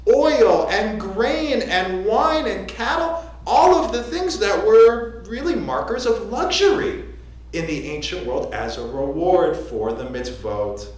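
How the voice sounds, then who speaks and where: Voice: mid-range voice, expressive, slow pace. A rabbi giving a conversational, joking sermon from the pulpit of a synagogue. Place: synagogue sanctuary. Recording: echoey sanctuary.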